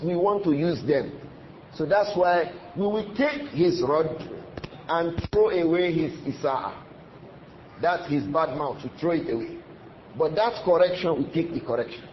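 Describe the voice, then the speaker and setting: A man giving a religious lecture, explaining a classical text in repetitive, emphatic English. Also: a little high. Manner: reads Arabic passages quickly, then explains them in repetitive, emphatic English. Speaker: Islamic teacher. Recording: roomy, slightly dull recording with faint noise.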